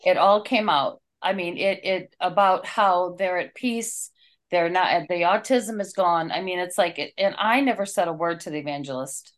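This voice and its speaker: A woman's voice: fairly low pitch, moderate pace. A woman co-hosting a casual talk, retelling a story in an earnest, heartfelt way.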